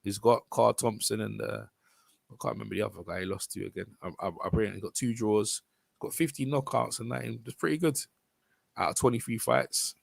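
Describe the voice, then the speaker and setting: A man's voice: lowish voice, fairly quick, creaky, dry recording. A man with a London accent hosting a boxing channel, talking casually and rambling over a fight video. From London, England. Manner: rambling, informal, with frequent restarts and fillers.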